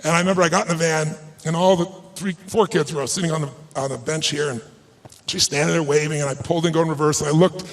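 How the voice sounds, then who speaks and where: A man's voice: on the high side, steady tone, fast. A man giving a motivational speech at an event, telling an emotional personal story with emphatic delivery. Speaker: motivational speaker. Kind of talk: speech to a live audience. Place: event stage.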